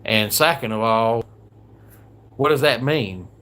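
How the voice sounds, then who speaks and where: A man's voice: medium pitch, slow pace, bright, forceful tone. A man with a Southern US accent, hosting a live stream, chatting casually and grumbling through a countdown while greeting viewers from the comments. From American South. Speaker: livestream host. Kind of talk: casual livestream countdown chat.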